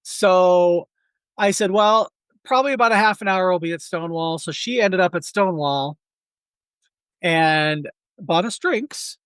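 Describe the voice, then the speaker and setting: A man's voice: sits high, unhurried, a bit bright, smooth, no room sound. A man in his forties, a podcast co-host, telling a long rambling anecdote in casual chat full of asides.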